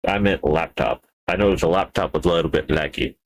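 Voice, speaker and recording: A man's voice: sits low, a little fast, slight background noise. A man streaming live while building a 3D model, talking to himself in a rambling, playful way with wordplay asides.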